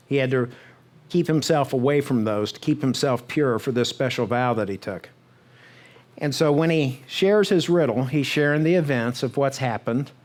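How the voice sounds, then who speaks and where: A man's voice: medium pitch, a little mellow. Pastor, male, mid-range voice, chatty storytelling sermon with lots of audience check-ins. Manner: conversational storytelling with frequent "right?" asides; acts out the characters' words in quick bursts. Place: church sanctuary.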